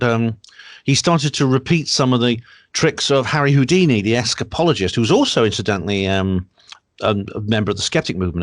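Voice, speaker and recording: A man's voice: mid-range voice, no room sound. Chatty man on a dry video call. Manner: chatty, restarts, explains at length. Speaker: guest researcher. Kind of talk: online panel chat. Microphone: home computer mic on a video call.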